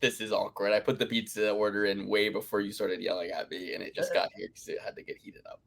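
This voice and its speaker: A man's voice: fairly low pitch, little pitch movement, fast, vocal fry. A man co-hosting a fight-picks podcast, talking in a rambling, emphatic way and swearing freely. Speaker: podcast co-host. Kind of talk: casual fight-picks chat.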